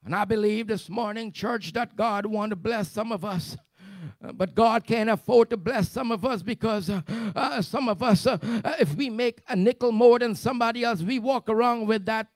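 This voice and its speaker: A man preaching a fervent sermon to his church, building to loud repeated refrains. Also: sits high, normal speed, no echo. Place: church service.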